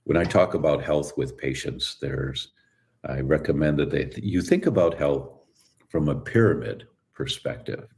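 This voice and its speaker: Very deep-voiced man telling a story. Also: normal speed. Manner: relaxed storyteller who acts out quoted voices. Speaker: guest, chiropractor. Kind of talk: storytelling interview answer.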